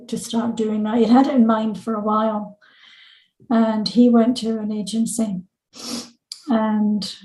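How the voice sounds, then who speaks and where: Older woman telling her story, roomy sound. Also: fairly high pitch. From Scotland. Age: 70s. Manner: animated, acts out family members' lines in raised voices. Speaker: podcast guest. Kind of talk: personal storytelling in an interview.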